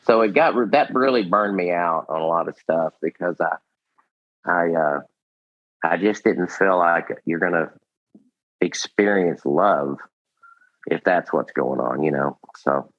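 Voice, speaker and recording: Man in his 60s, low-pitched, dry close sound, animated and laughing storyteller. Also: unhurried, no echo, lo-fi sound. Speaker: guest puppeteer. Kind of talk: casual storytelling.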